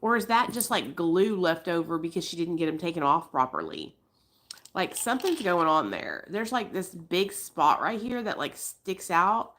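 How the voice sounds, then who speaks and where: A woman's voice: on the low side, very animated, normal speed, a bit bright. Blunt, profane woman in her forties. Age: 40s. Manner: blunt and profane, talking straight to viewers; breaks off to coax her dogs in a sing-song voice. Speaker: livestream host. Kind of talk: casual live-stream commentary.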